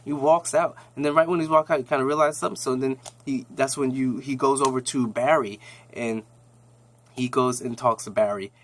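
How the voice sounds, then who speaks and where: A man's voice: mid-range voice, steady tone, fairly quick. A man casually recapping a TV episode in a rambling, slangy way with lots of restarts.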